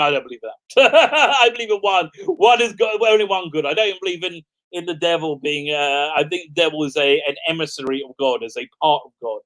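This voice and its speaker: A man's voice: high-pitched, pushed and bright. A middle-aged man hosts a casual livestream as a rabbi. He tells a story in a loose, rambling way. He laughs often and fills his sentences with fillers and restarts. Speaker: rabbi and show host.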